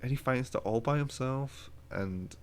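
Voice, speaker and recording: A man's voice: mid-range voice, moderate pace, a little mellow. A man co-hosting a casual podcast chat, opinionated and swearing freely as he rants. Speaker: podcast co-host.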